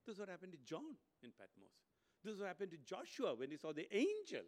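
Animated male preacher, higher voice. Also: quick pace. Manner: animated, swings from loud emphasis to hushed tones. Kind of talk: sermon.

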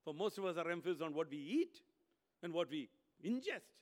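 A male preacher delivering a sermon in a slightly high voice. He swings between loud, emphatic lines and hushed, quiet ones. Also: big pitch swings, brisk.

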